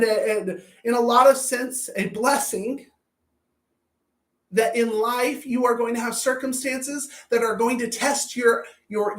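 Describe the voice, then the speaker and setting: A man's voice: very high voice, a bit bright. A man coaching anger management in a blunt, profane self-help talk, often repeating words as he thinks. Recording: roomy echo.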